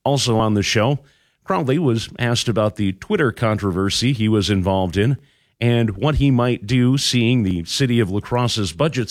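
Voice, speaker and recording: Low-voiced male radio newsreader. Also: dry recording, clean studio sound. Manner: measured, even news delivery. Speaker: news anchor. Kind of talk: read radio news bulletin. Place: radio studio. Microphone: studio microphone.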